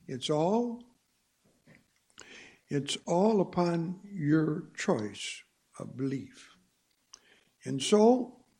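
A male preacher delivering a sermon in a slow, deliberate way. His voice is gravelly and a bit husky, and it swells and drops for emphasis while he puts rhetorical questions to the congregation. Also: a little high, a little mellow.

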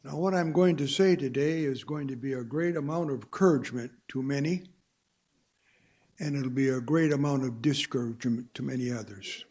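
A man's voice: mid-range voice, normal speed, darkish tone, breathy edge. A man preaching a sermon to a congregation, emphatic and full of rhetorical questions.

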